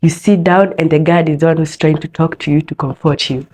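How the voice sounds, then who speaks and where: Expressive Kenyan woman telling her story. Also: low voice, brisk, slightly rough. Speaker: podcast host. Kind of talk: personal storytelling podcast.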